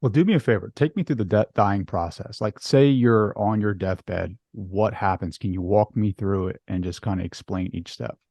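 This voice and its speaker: A man's voice: on the low side, moderate pace, gravelly, hardly any pauses, darkish tone, no room sound. A man hosting an interview, asking curious, probing questions. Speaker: host. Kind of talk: conversational interview.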